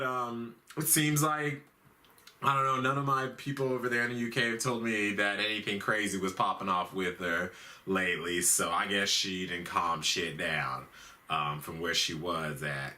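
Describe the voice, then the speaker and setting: A man hosting a comedic news recap in a very bright, sharp voice. He rambles in a slangy, profane way. His pitch sits at an ordinary male level. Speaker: host.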